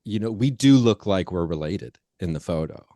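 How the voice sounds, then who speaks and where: Low-voiced guy hosting a podcast, rambly and loose, dry close sound. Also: expressive, moderate pace, dark tone, dry recording. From Ohio. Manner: rambling, many fillers and restarts. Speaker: podcast host. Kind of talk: casual interview chat.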